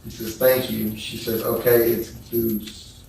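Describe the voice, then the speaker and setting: A man testifying at a trial, reading text messages aloud in a slow, subdued, flat way. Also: mid-range voice, creaky, slight background noise. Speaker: trial witness. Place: courtroom. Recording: echoey courtroom from far off.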